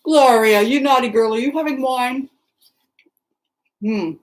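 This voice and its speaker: A middle-aged woman from the Seattle area, Washington, hosts a livestream, chatting casually and rambling as she greets viewers by name. Her voice sits high and her pace is measured. The audio is poor.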